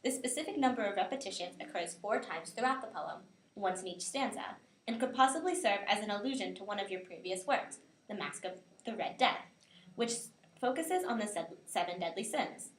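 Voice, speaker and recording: A woman's voice: medium pitch, expressive, brisk. A woman presenting a student analysis, reading it aloud earnestly and stumbling a little over longer words. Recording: roomy echo.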